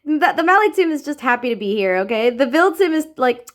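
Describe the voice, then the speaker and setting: A woman's voice: sits high, quick pace. A woman giving casual, giggly commentary while playing a game, gushing over how cute it is. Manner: giggly, gushing, excitable reactions. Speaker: gaming video creator.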